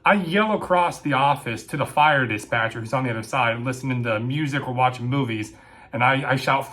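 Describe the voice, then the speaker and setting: A man telling a comic story about his days as a military police dispatcher, acting out the lines with sudden shouts and asides. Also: mid-range voice, brisk. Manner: animated, acts out quotes with shouting and asides. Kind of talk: comedic storytelling.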